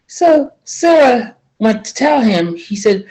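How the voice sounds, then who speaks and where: An older woman tells a folk tale in a lively, homespun voice. She jumps her pitch up and down to act out each character. Her delivery stays animated and conversational throughout. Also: slow, hardly any pauses, poor audio. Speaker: storyteller. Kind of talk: folksy spoken storytelling.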